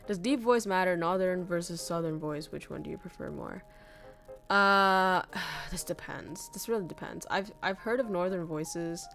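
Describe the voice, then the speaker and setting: A woman's voice: on the low side, normal speed, a bit bright, soft background music. A young woman from northern Vietnam, candidly chatting with viewers as a streamer, swearing freely and laughing often. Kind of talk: casual chat reading viewer messages.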